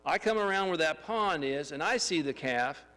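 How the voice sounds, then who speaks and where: A man telling a lively testimony story in a church, excitable and laughing as he acts out the scenes. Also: on the high side, moderate pace, in a large hall. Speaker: church member giving a testimony. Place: church sanctuary.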